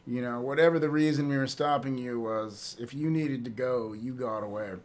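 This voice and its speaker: A man's voice: medium pitch, normal speed, a little hiss or hum. A man streaming and chatting casually with viewers, rambling and laughing often, with some swearing.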